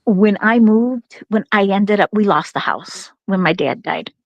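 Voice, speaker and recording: A woman's voice: mid-range voice, measured pace, no room sound, highs cut off. Chatty laughing middle-aged woman, dry sound. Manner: chatty, laughs often, lots of restarts. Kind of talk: casual storytelling chat.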